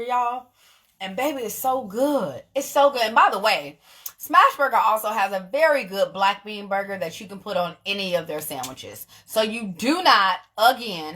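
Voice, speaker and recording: Bright-voiced, blunt young woman vlogging. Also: mid-range voice. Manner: animated, blunt, swears freely, laughs often. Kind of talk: casual monologue to camera.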